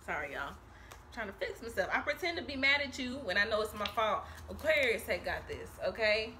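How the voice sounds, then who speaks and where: A woman's voice: fairly high pitch, very animated, fairly quick, pushed and bright, slight background noise. A woman giving a casual tarot reading to camera, chatty and profane, laughing often and tagging her lines with "okay?". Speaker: tarot reader. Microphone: camera mic.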